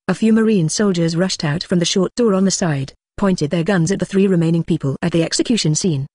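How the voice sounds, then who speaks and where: A machine-read audiobook narration that speaks punctuation marks aloud in a flat, even delivery. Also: mid-range voice, a little fast, few pauses, no room sound.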